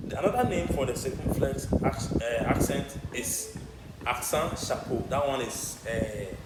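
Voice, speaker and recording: A man teaching a French lesson in English, explaining in a measured, halting way with frequent repetitions. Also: medium pitch. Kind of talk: language lesson. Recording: echoey room with background noise.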